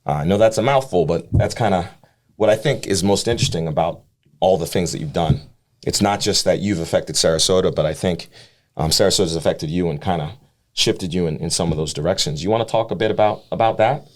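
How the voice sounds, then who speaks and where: A podcast host talks quickly in a deep voice, piling clause on clause as he praises his guest. He doubles back and restarts often in his long questions. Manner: rambling, effusive questions with restarts. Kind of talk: casual interview chat.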